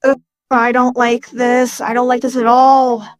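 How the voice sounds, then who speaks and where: A woman voicing a crude, panicky young male robot who turns into a car, excitable and whiny in a storybook reading. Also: on the high side, measured pace, no echo, faint music behind, lightly acted. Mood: disgusted.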